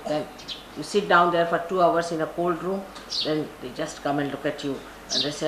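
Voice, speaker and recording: An older woman from India, a spiritual teacher with an Indian English accent, gives a spiritual talk and tells stories, acting out the people she quotes. Her voice is deep, her intonation fairly even, and her speed normal. It's a roomy archival live recording with background noise.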